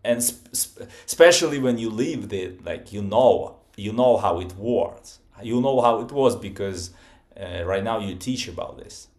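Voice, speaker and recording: Slow, halting male podcast host. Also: lowish voice, animated. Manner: halting, with frequent "uh" fillers and restarts. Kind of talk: interview questions.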